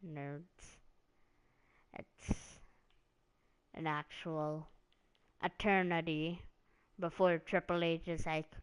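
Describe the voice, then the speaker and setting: A woman's voice: on the low side, extremely slow, pauses often, fairly bright tone, smooth. A woman hosting a casual live stream about wrestling, rambling along with lots of "like" and "um" as she recaps storylines. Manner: rambling, meandering, heavy on "like" and "um".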